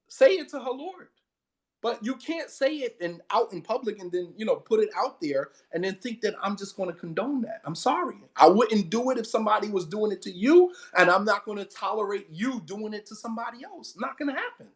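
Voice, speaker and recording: Male preacher, emphatic sermon delivery, blunt, repeats key lines, laughs between points. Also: sits high. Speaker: Islamic preacher. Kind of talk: impassioned sermon.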